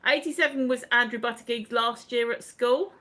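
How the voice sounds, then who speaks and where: A woman's voice: on the high side, steady tone, moderate pace, bright, forceful tone. A woman, hosting a casual livestream chat, rambling and laughing as she reads out viewer comments. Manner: chatty, laughs often, rambling asides. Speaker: livestream host.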